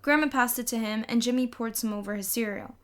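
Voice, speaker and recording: A woman reading a children's novel aloud in a lively storytelling way. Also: fairly high pitch, fast talker. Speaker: audiobook reader.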